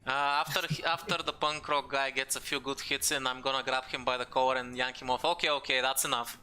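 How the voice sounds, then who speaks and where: Brief: male gamer, bright and jokey. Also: mid-range voice, flat delivery, brisk, clear, resonant tone. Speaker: player.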